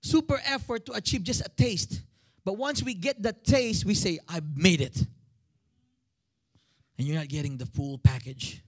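Lively Filipino pastor preaching. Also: male voice, high voice, moderate pace, few pauses. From Philippines. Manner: animated, calls out to the congregation. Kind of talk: sermon.

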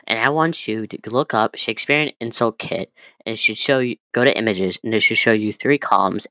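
A young man giving a casual class presentation, loose and halting with many fillers and restarts. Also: lowish voice, sharp tone, no room sound, poor audio. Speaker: student presenter.

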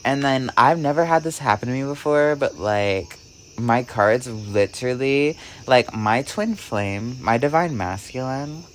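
A man vlogging, telling a rambling story with "like" in almost every phrase and swinging between hushed and excited delivery. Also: medium pitch, unhurried, a little hiss or hum. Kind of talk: casual storytelling vlog.

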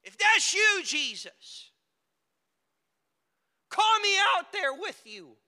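An eager, bold fisherman disciple, as a man acts him out shouts urgently across stormy water in a high, bright, piercing voice. The voice rings through a large hall with a long echo. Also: sing-song, very slow, exaggerated voice. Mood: urgent pleading. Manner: urgent, calling out loudly. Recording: echoey hall with long reverb.

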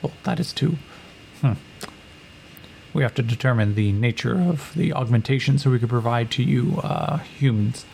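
A man's voice: mid-range voice, normal speed, gravelly, darkish tone, slight background noise, natural voice. A man voicing a cold, calculating female Atlantean scientist who lectures in a clinical, condescending way. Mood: matter-of-fact.

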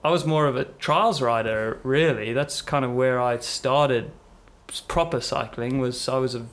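A man's voice: medium pitch, moderate pace, fairly bright tone. A young man, a podcast guest telling rambling, self-mocking stories with lots of fillers. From South Africa. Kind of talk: casual conversational storytelling.

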